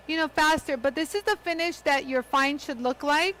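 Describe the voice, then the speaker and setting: A woman with a high, lively voice hosts a live hands-on craft demo. She chats eagerly with her viewers and gushes as she goes. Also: moderate pace, hardly any pauses, slight background noise, low-quality recording. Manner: chatty, excitable, talks straight to viewers. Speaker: host of a live lapidary demo. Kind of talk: live product demonstration.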